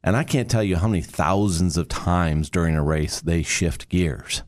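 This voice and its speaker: A middle-aged man from Michigan hosting a podcast, talking in an animated, emphatic way and making playful sound effects. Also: sits low, normal speed. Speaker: podcast host. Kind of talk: casual podcast talk.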